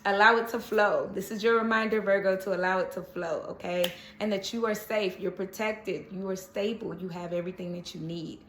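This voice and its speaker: A woman gives a casual tarot reading to camera in an echoey room with slight background noise. Her medium-pitched, fairly bright voice is fairly quick with even intonation and hardly any pauses, and she's chatty and reassuring, often checking in with "okay?"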